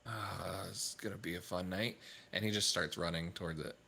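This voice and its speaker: A man playing a tabletop game, describing his character's actions in a relaxed, hesitant way. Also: low voice, normal speed, vocal fry, slight background noise. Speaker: player. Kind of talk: tabletop game play, casual.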